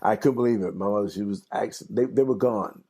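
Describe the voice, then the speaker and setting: Interview guest: older jazz singer from New York, deep husky voice, lively rambling storyteller. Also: male voice, brisk. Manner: animated, laughing storyteller with restarts.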